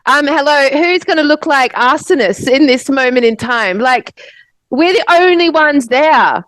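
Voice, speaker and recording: A woman's voice: high-pitched, lively intonation, a little slow, a bit bright, dry recording, poor audio. An Australian woman co-hosting a podcast, telling a story in a breathless, vivid way and swearing freely. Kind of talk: casual podcast chat.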